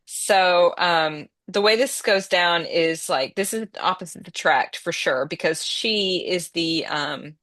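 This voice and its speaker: A woman co-hosting a casual chat, talking about her own novels in a quick, joking way. Her voice sits a bit low for a woman, and it is recorded dry and close with no room sound. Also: fairly bright tone, dry recording. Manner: quick, chatty, filler-heavy with joking asides. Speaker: podcast co-host and romance author.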